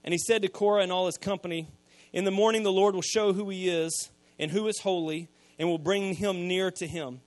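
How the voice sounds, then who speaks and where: A man, preaching a sermon, retelling scripture in casual everyday speech and swinging from quiet asides to loud emphasis. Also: high voice, steady tone, a little fast, dry recording. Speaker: pastor.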